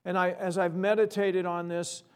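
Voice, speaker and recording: A middle-aged man from Long Island giving a sermon, reading scripture slowly and emphatically and reflecting in a personal way. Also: high-pitched, little pitch movement, clear, resonant tone. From Long Island, New York. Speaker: preacher.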